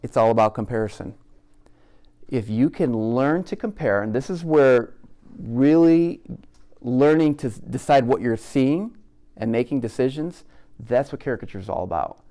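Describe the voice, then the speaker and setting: A man's voice: medium pitch, expressive, normal speed, dark tone. A man giving a live caricature demonstration to an art group, speaking conversationally, making jokes and asking the audience questions. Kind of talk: live teaching talk to an audience.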